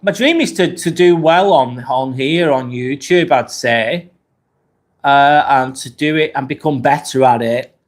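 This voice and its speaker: A young English man on a live-stream, casually reading chat comments and answering candidly, swearing now and then. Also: medium pitch. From England. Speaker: livestream vlogger.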